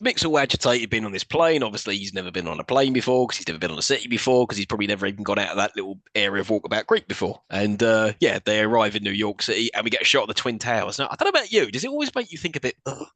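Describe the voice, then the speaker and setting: A man's voice: on the low side, animated, very fast, hardly any pauses, fairly bright tone, dry recording. A man co-hosting a podcast, recapping a film scene by scene with sardonic mock quotes. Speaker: podcast co-host. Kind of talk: casual film review chat.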